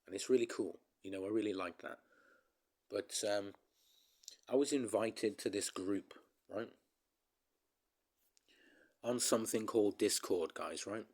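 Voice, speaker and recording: A man's voice: lowish voice, unhurried, pauses often, a little mellow. A man ranting casually to his viewers in a vlog, rambling and emphatic, often calling them guys. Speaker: vlogger.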